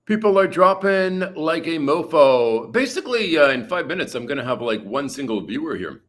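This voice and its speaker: A livestream host from British Columbia, Canada, chats casually from a hot room at home with a fan running, reading viewer comments and rambling with plenty of "you know" and "uh." His voice is on the high side and fairly bright, very animated at a normal speed.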